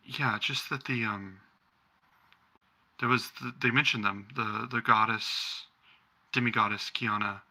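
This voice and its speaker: A halting, uneasy father in a tabletop game, voiced by a man. He stops and starts, filling his speech with ums, and his voice is clear and bright. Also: fairly low pitch, steady tone, exaggerated voice, rough recording. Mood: nervous. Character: hesitant father, halting and nervous.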